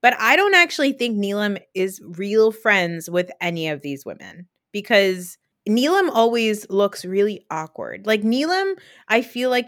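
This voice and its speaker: A woman's voice: medium pitch, a bit bright, no echo, studio quality. A woman hosting a podcast, chatting casually and with strong opinions, peppering her talk with "like". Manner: fast, opinionated, filler-heavy "like". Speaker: podcast host.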